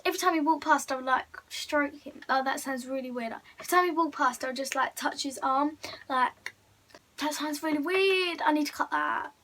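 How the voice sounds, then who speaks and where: A woman's voice: high voice, pushed and bright, a little hiss or hum, low-quality recording. A teenage girl telling a gushing, breathless fan story on her vlog. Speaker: vlogger.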